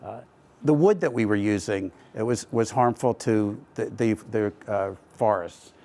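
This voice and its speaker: A man's voice: lowish voice, measured pace, warm tone. A middle-aged man, a company co-founder, speaking at a live event in a conversational storytelling way with frequent fillers. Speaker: company co-founder giving a talk.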